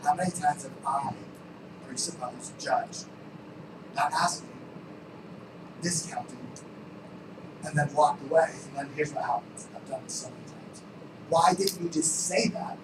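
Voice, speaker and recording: A man with a somewhat high voice leads a training session, telling stories and acting out the characters with emphatic, sometimes shouted lines. The mic sits well back from him, so the room echoes around his words. A steady air conditioning hum runs underneath. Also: measured pace, long pauses, distant mic. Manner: storytelling, acts out quotes with shifting voices; emphatic, rising to near-shouts. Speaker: real estate sales trainer. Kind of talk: live training talk.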